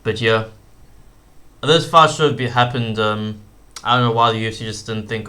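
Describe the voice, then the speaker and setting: Bright-voiced young man rambling about fights. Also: lowish voice, steady tone, moderate pace. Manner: rambling, frequent fillers and slang like "bro". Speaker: YouTube commentator. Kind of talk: casual commentary.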